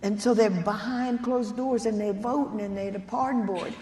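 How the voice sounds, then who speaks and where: Addressing a room of lawyers directly, a nun delivers a conference keynote built around earnest storytelling. Her medium-pitched voice is warm, with fairly even intonation and a normal speed, and the recording carries hall echo and faint room noise.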